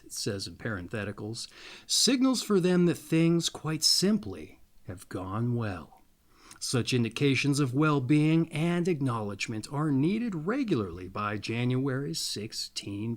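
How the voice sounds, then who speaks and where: A man hosting an astrology video, rambling playfully with little asides, then reading a birthday text slowly and deliberately. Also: medium pitch. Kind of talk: casual monologue and reading aloud.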